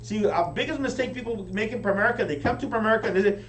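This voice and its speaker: High-voiced man pumping up a crowd. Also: rapid-fire. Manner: energetic, keeps asking the crowd "right?". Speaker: business team leader training recruits. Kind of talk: motivational training talk to a live audience. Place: meeting room with an audience. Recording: echoey room, distant mic, faint hum.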